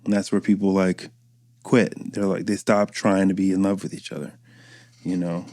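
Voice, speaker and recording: A man's voice: low voice, flat delivery, moderate pace, warm tone, no room sound, studio quality. A man in his thirties hosting a podcast, telling loose, profane stories and acting out quotes in a casual monologue. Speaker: podcast host.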